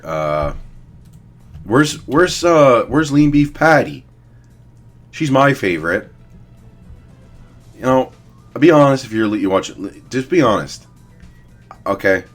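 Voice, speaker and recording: A young man giving blunt, profane, rambling casual commentary as he ranks fitness figures. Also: on the low side. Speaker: fitness vlogger. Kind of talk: casual commentary ranking influencers.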